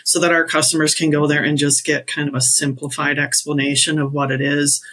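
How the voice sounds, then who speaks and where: A man's voice: on the high side, completely flat delivery, a little fast, fairly bright tone, poor audio. A man working at a brokerage, a podcast guest, talking casually and rambling with restarts. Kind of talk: casual chat.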